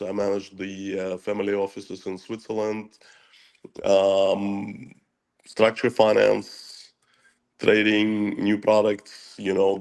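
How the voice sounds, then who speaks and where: Man, gravelly voice, flat delivery, halting with fillers, panel guest. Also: on the low side. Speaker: head of business development, panel guest. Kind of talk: panel discussion.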